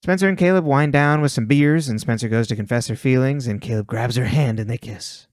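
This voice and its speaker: A man's voice: mid-range voice, a little fast, dry recording, studio quality. A man co-hosting a podcast, recapping a show's plot in casual chat with a wry, laughing tone. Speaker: podcast co-host recapping episodes.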